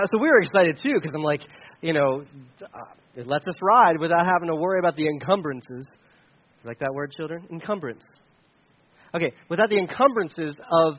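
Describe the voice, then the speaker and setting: A man, a pastor, preaching a sermon and telling a personal story in an animated way, with many restarts. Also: on the high side, lo-fi sound.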